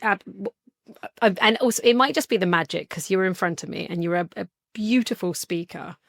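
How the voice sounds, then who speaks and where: A woman's voice: mid-range voice, a little fast, fairly bright tone, no echo, studio quality. A woman hosting a wine podcast, describing a wine enthusiastically in a conversational interview. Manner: enthusiastic, tasting notes, emotional. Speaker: podcast host.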